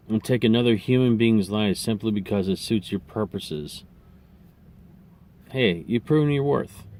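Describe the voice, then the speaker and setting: A man's voice: medium pitch, a little mellow. A man talking straight to camera in a casual opinion monologue, rambling a little with restarts and asides. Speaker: vlogger.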